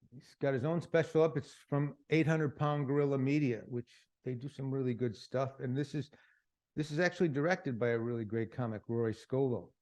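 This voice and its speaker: A man at an everyday, mid-range pitch hosts a podcast about stand-up. He talks casually and with enthusiasm as he introduces a comic's special before playing a piece of it. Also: a little mellow. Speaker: podcast host. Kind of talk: introducing a comedy clip.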